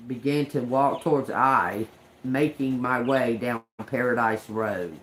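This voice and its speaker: A woman's voice: extremely low pitch, a little hiss or hum. A woman doing a casual live tarot reading, talking loosely, restarting phrases and swearing now and then. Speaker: tarot reader.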